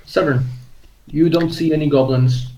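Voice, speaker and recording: A man's voice: on the high side, fairly even intonation, normal speed, dark tone, poor audio. A man acting as game master of a tabletop game, patiently explaining rules with frequent hesitations.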